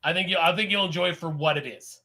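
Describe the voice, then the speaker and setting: A Canadian man co-hosting a podcast in casual chat, rambling and animated, laughing often. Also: fairly high pitch, fast. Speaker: podcast co-host.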